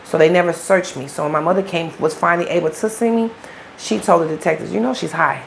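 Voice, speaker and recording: A middle-aged interview guest with a Chicago accent tells her story in blunt, profane street talk. Her voice sits on the low side with vocal fry, and she talks fast over faint background noise.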